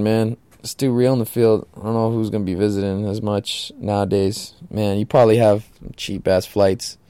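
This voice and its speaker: A man's voice: fairly low pitch, dark tone, smooth, dry recording. A man hosting a podcast alone, talking casually in a laid-back, slangy, profane way. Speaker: podcast host. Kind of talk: casual solo podcast monologue.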